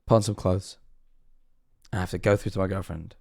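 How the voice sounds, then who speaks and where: A man telling a self-mocking story to his stream, animated and swearing freely. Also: deep voice, fairly quick, vocal fry, no room sound, clean studio sound. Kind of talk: casual storytelling to a live stream chat.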